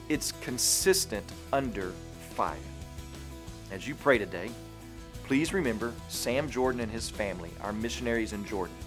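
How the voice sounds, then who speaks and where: A man of middling pitch preaches a brief daily devotional, earnest and steady. He leans into repeated phrases and rhetorical questions for emphasis. Soft music sits faintly underneath. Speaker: radio preacher. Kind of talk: short devotional sermon.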